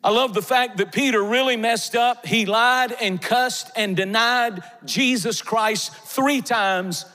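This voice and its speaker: A male pastor with a notably high voice preaches with fervor, his lines swelling into shouts. The sound rings out with the long reverb of a big church sanctuary. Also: takes it slowly, few pauses. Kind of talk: sermon. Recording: long reverb of a large hall.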